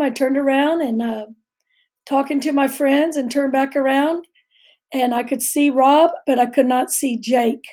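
A woman's voice: high-pitched, dark tone. A middle-aged woman earnestly telling a vivid personal story as a guest on a faith talk show.

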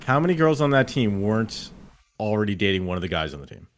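A man's voice: lowish voice, very animated, fast. A man co-hosting a casual sports podcast, cutting in with skeptical questions. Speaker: podcast co-host.

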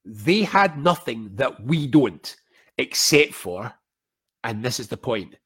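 Older scottish guy, husky voice, chatty storyteller doing little voices, dry humour. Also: medium pitch, slow. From Scotland. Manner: animated storyteller, acts out quoted voices, wry humour. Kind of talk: casual podcast conversation.

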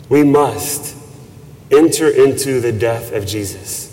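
Slow-preaching man in an echoing church. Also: mid-range voice, dark tone. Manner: slow, measured preaching with reverent emphasis. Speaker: priest. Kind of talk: sermon. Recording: long church reverb.

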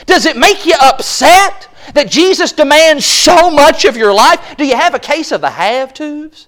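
High-voiced impassioned male preacher. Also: lively intonation, moderate pace, hardly any pauses. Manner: impassioned, builds to loud exclaims, acts out quoted voices. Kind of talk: sermon. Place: church service.

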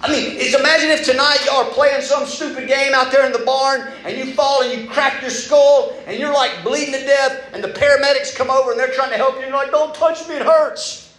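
A man's voice: very high voice, steady tone, a little fast, few pauses, a bit bright. Echoey young male preacher. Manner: conversational, acts out quoted voices. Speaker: preacher at a student retreat. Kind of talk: sermon. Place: large room at a retreat. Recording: echoey room with faint background noise.

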